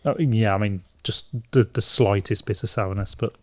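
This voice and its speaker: A man from England co-hosting a casual beer podcast, talking in halting stops and restarts. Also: fairly low pitch, darkish tone. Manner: rambling, halting with many restarts and fillers. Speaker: podcast co-host. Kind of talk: casual chat.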